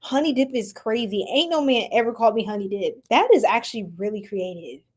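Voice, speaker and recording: A woman's voice: a little high, brisk. Playful laughing woman on a live stream. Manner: playful, laughs often, chats with the chat, exclaims loudly. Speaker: tarot reader streaming live. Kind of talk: casual live-stream chat with viewers.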